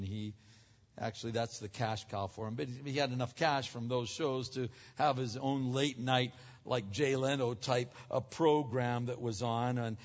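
A man preaching a sermon, talking to his congregation conversationally and asking them questions directly. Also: medium pitch. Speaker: pastor. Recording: muffled recording in a reverberant hall.

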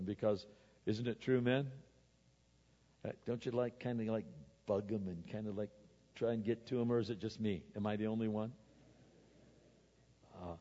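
A man preaches a sermon in a church sanctuary, his fairly high voice swinging from loud, forceful exhortation to quiet, confiding asides. The recording is muffled, and a long reverb trails after each phrase. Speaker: pastor.

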